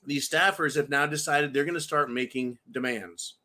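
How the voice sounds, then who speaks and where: A man's mid-range, sharp-toned voice moves at a normal speed through an angry political rant on the commentary show he hosts. Constantly swearing and furious, he keeps addressing his viewers as folks.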